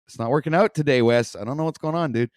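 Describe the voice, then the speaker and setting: A man's voice: medium pitch, quick pace, a little mellow, no room sound, clean studio sound. A man hosting a talk stream, reacting to a video with rambling, profane commentary full of fillers and swearing. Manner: swears constantly, rants and trails off with fillers.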